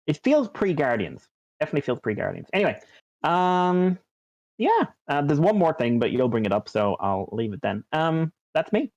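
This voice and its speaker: A man with a mid-range, sing-song voice co-hosts a podcast at normal speed, chatting loosely and rambling with many ums, likes and restarts. The audio is dull, lo-fi and dry.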